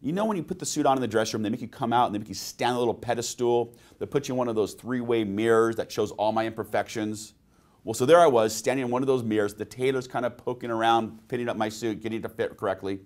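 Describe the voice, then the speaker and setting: A sales trainer giving a webinar presentation, telling stories and asking the audience rhetorical questions. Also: male voice, medium pitch, quick pace, a little mellow.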